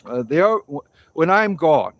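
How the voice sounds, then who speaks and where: A man's voice: fairly high pitch, very animated, measured pace, a bit bright. Rambling, foul-mouthed man in his forties. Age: 40s. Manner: rambling, irreverent, swears freely. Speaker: livestream host. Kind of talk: casual livestream chat answering comments. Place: outdoors.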